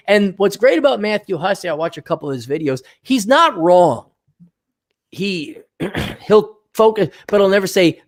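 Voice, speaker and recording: A man's voice: high voice, animated, moderate pace. A man co-hosting a podcast in blunt, profane casual chat. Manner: blunt, profane, mocking impressions. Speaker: podcast co-host.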